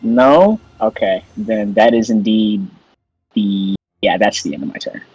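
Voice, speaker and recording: An easygoing man talks through his character's turn in a tabletop game, relaxed and conversational. His voice sits in a middle register, dry and close, with soft music behind. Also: lowish voice, a little slow, husky, no room sound, highs cut off. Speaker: player.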